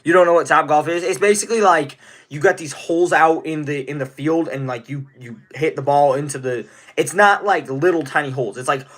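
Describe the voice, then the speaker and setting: A young adult man streaming live, chatting casually with viewers and excitedly shouting out donors. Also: on the high side. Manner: excitable, gives rapid shout-outs to donors; chatty, answers viewer questions one by one.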